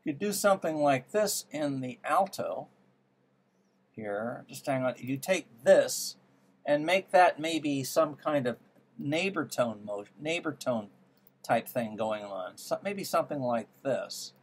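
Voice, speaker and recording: A man's voice: medium pitch, animated, measured pace, husky. A man teaching music theory, trying out ideas aloud and musing as he works through them. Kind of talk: thinking-aloud music lesson. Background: piano playing.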